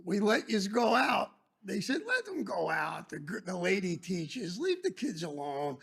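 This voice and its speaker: An older man, a former teacher, telling animated stories in casual chat and raising his voice when he quotes people. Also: sits high, moderate pace, vocal fry, husky. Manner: animated, raises voice for quoted lines. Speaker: former schoolteacher guest. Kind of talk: casual storytelling.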